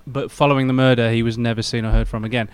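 A man co-hosting a podcast, retelling a story casually with some halting fillers. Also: medium pitch, level tone, heavy background noise. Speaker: podcast co-host telling the story.

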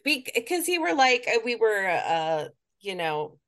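A woman's voice: medium pitch, big pitch swings, unhurried, a bit bright. Sarcastic woman with a New Jersey accent. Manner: sarcastic, blunt storytelling. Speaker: podcast co-host. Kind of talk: casual chat.

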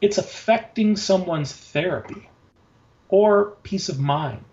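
A man talking casually and excitedly in an interview, rambling with many fillers and frequent swearing. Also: high-pitched, slow, highs cut off. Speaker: guest, designer and notebook maker.

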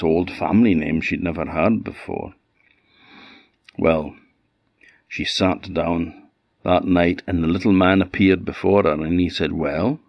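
A man with an Orkney accent telling a folk tale in an unhurried, conversational way. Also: low voice, no echo, highs cut off. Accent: Orkney Scots. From Orkney, Scotland. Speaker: storyteller. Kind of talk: oral folk storytelling.

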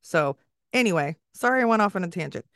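A woman's voice: on the low side, lively intonation, fast talker, fairly bright tone, no echo, studio quality. A woman hosting a podcast interview, talking in a rambling, emotional way with many fillers while holding back tears. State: tearful. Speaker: podcast host. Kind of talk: casual conversation.

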